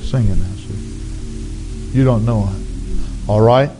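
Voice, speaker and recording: A man preaching an altar call, his raspy voice earnestly pleading with the congregation to come forward. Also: on the low side, slow pace, over music, poor audio. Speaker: pastor. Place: church sanctuary.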